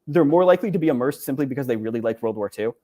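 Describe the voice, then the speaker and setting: A man's voice: mid-range voice, animated, racing, mellow. A young man giving an online conference talk over slides, casual and filler-heavy, with many "right?" and "like" tags. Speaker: conference presenter. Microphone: online talk, computer mic.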